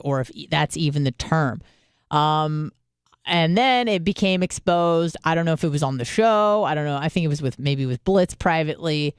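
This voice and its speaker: A young woman hosting a radio show talks through a rambling, self-mocking story and swears freely. Her voice is smooth and clear. The sound is dry and close, with no room around it. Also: sits low, normal speed, no echo. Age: 20s. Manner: candid, profane, self-deprecating storytelling. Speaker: radio host. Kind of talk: casual monologue.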